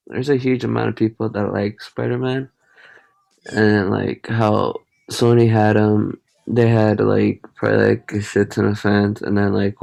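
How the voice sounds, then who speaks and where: A man's voice: on the low side, gravelly, darkish tone, poor audio. A young man co-hosting a casual podcast, talking hesitantly with many fillers. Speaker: podcast co-host. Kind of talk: casual chat.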